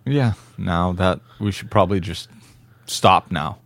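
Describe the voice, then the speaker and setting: A man from northern Massachusetts with a softened New England accent, hosting a casual podcast, relaxed and reflective and quick to laugh. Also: low-pitched, no room sound. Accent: New England, mostly softened. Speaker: podcast host.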